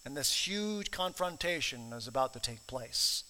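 A man's voice: mid-range voice, lively intonation, unhurried, few pauses, bright, forceful tone, big-room sound. A man preaching a sermon in an earnest, emphatic way, stressing and repeating key phrases. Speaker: pastor.

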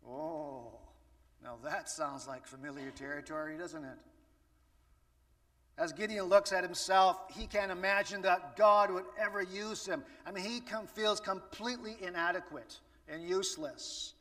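Preacher, man, bright voice, chatty with rhetorical questions, heard from afar. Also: sits high, fairly even intonation, measured pace. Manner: conversational, asks the audience rhetorical questions. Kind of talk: sermon. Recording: echoey hall from far off.

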